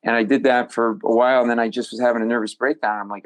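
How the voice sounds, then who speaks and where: A man, a comedian guest on a podcast, telling stories in an animated, jokey way. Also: medium pitch, racing, poor audio. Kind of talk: storytelling in a podcast interview.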